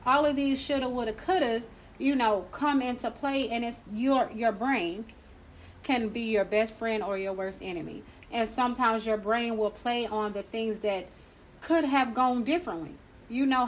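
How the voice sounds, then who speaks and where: A woman hosts a conversation about grief, speaking in a reflective, counseling way and drawing on her own experience. Her voice sits fairly high. A faint hiss of noise runs under the recording. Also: moderate pace, low-quality recording. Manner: reflective, uses examples from own life. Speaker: grief podcast host. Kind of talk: supportive faith-based counseling talk.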